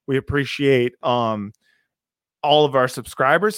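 A man hosting a casual podcast, talking in a rambling, halting way with many fillers and restarts. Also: medium pitch, fairly bright tone, dry recording, studio quality. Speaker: podcast host.

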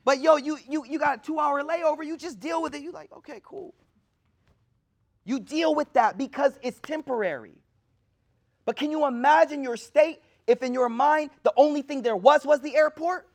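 High-voiced man telling an animated religious story. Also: moderate pace. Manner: animated, slangy, acts out quotes. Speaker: Islamic teacher. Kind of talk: lecture storytelling.

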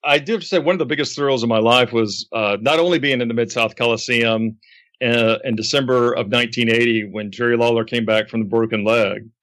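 A man hosting a podcast interview, telling stories with lively acted-out quotes. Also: medium pitch, brisk. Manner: animated storyteller, acts out quotes. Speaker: podcast host. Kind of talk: casual interview chat.

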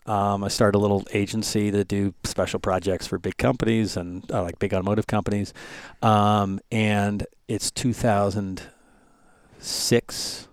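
A man's voice: on the low side, unhurried, smooth, no room sound, clean studio sound. A man in his forties, telling a story casually and animatedly, acting out the other people's lines. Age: 40s. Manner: animated, acts out voices in his stories. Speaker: podcast guest.

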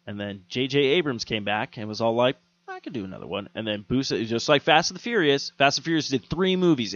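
A man co-hosting a podcast, chatting casually about movies, swearing freely and animated, dropping into quick mock voices. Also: mid-range voice, no room sound, muffled recording. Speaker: podcast co-host. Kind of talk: casual chat.

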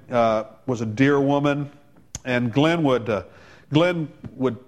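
Male pastor, sermon delivery, a touch high-pitched, punchy quoted asides, builds to forceful climaxes. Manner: preaching with dramatic rises in pitch and volume; quotes others in voiced asides.

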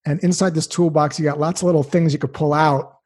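A man's voice: a little high, fairly even intonation, quick pace, darkish tone, husky. A man hosting an interview, talking in an encouraging, reflective way. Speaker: podcast host. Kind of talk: casual interview chat.

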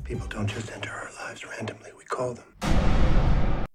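A mysterious woman who speaks in slow, cryptic whispers, a whispered role-play from a film. Her voice sits very low and barely voiced. Loud film music swells around her. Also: little pitch movement.

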